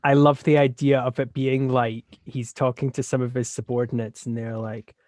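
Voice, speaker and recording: A man teasing his friends excitedly while playing a tabletop game. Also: mid-range voice, moderate pace, no echo. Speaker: player. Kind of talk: casual tabletop chat.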